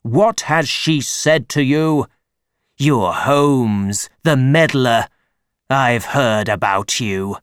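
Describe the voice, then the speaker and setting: Man doing a angry big bully, loud, slow, menacing, dry sound. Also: medium pitch, smooth, no room sound. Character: huge angry threatening older man, a bully.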